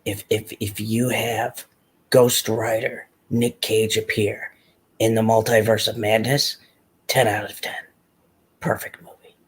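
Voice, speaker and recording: A man doing a put-on gruff, deadpan persona voice as a comedic bit on a live podcast. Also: lowish voice, slow.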